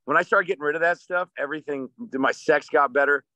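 Intense, bright-voiced man, swearing freely. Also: on the high side, fast talker, no echo. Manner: intense, profane, motivational. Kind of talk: casual podcast talk.

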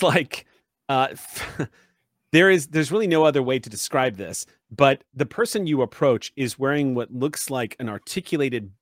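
A man's voice: medium pitch, fairly bright tone, dry recording, clean studio sound. A man narrating as game master of a tabletop role-playing game, descriptive and rambling, often laughing.

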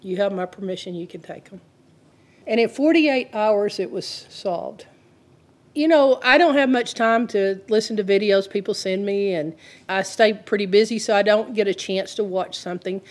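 A woman with a mid-range voice speaks at a moderate pace as a Christian teacher. In an earnest, conversational sermon, she retells a story using quoted dialogue.

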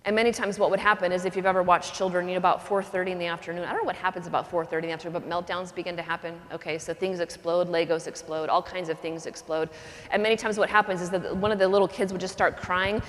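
A woman's voice: fairly low pitch, level tone, fast. A woman, a nun giving a charismatic retreat talk, teaching in an earnest, conversational way and acting out little scenes. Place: cathedral. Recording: long cathedral reverb.

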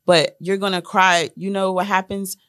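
A woman's voice: medium pitch, moderate pace. A young woman and mother, a guest on a casual talk show, telling parenting stories and acting out the dialogue with her kids. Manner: animated storyteller, acts out dialogue with her kids. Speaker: guest speaking on millennial parenting. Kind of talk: casual podcast chat.

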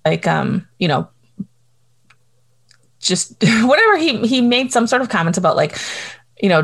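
A woman's voice: fairly high pitch, very animated, a little slow, creaky, long pauses, a bit bright. A woman chatting casually about a TV episode, rambling with restarts and breaking into nervous laughter. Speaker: co-host. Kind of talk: casual TV recap chat.

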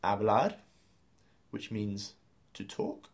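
A man's voice: lowish voice, animated, slow pace. A man teaching a beginner language lesson, explaining grammar step by step and spelling out words letter by letter.

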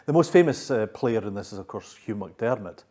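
A man talking as a literary scholar, explaining at a measured pace with filler pauses. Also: fairly low pitch, animated, a little mellow. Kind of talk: explanatory interview talk.

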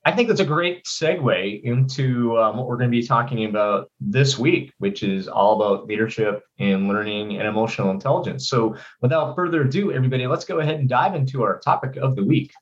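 A man hosts a podcast in a relaxed, casual way and introduces the next topic. His voice comes through a dull, slightly lo-fi recording. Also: mid-range voice, a little fast, few pauses. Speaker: podcast host. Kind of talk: casual conversation.

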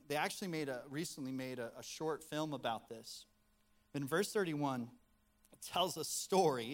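A male pastor preaching a sermon to a congregation in an animated, conversational way. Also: medium pitch. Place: room with a congregation.

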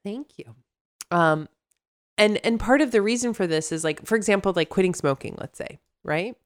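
A woman's voice: medium pitch, expressive, normal speed. A woman therapist co-hosting a casual podcast chat, rambling into tangents and laughing often.

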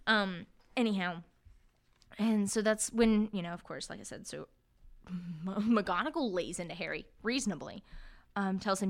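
A woman's voice: mid-range voice, moderate pace. A young woman co-hosting a podcast, chatting casually about a book and acting out quotes. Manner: chatty, many fillers, acts out quotes. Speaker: podcast co-host. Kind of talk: casual book-discussion chat.

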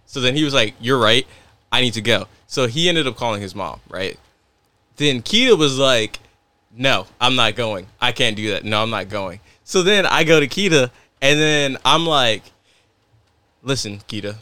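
A young podcast co-host with a medium-pitched voice tells stories at a moderate pace, chatting casually, laughing often and acting out what other people said. The recording is dry, with no room sound.

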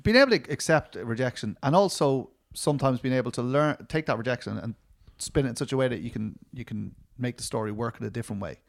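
A man's voice: mid-range voice, quick pace, vocal fry, hardly any pauses. A middle-aged man, a documentary filmmaker, answering interview questions in a rambling, self-deprecating way, full of restarts and fillers.

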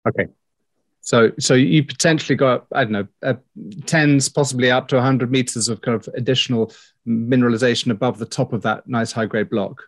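A man's voice: mid-range voice, fairly even intonation, brisk. A man interviewing, asking technical questions in a casual, inquisitive way with loose hedging. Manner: inquisitive, casual, hedges with "kind of".

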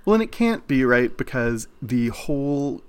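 A man co-hosting a casual podcast, arguing his views in quick bursts with frequent restarts. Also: mid-range voice, very animated, smooth. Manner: opinionated, talks in bursts with restarts. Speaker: podcast co-host.

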